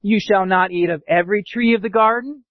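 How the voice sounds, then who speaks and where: A pastor preaching a sermon, animated, sometimes acting out sarcastic voices. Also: male voice, sits high, fairly quick, no room sound. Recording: dull dry lo-fi sound.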